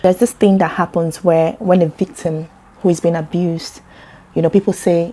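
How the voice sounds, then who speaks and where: A Nigerian woman talking earnestly to camera about a personal topic, getting animated when she quotes other people. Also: lowish voice, moderate pace. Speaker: vlogger.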